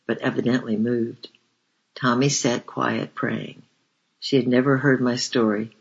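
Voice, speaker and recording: A man reading a memoir aloud in a measured, earnest way, in a slightly dull lo-fi recording. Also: medium pitch, creaky, husky. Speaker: audiobook narrator.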